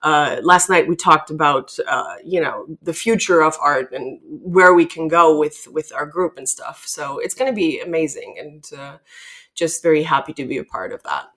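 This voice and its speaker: Chatty woman from Germany, lowish voice. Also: lively intonation, moderate pace, fairly bright tone. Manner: chatty, laughs easily. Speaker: guest illustrator. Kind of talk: casual chat.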